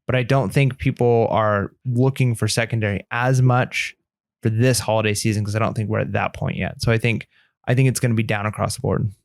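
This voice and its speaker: A man's voice: lowish voice, steady tone, fairly quick, creaky, dry recording, clean studio sound. A man co-hosting a podcast in casual chat, talking earnestly and rambling with lots of "like" fillers. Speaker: podcast co-host.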